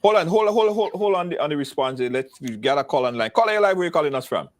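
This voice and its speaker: A man's voice: on the high side, expressive, very fast, no echo. A man hosting a live call-in show in a playful way, taking calls and laughing often. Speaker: host.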